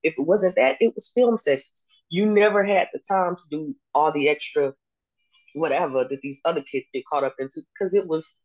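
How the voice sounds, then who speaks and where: A young adult woman, a basketball coach, telling her story in a casual interview and acting out the dialogue with lively laughs. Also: low-pitched, a little fast, muffled recording. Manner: animated, acts out dialogue, laughs often. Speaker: basketball coach and podcast guest.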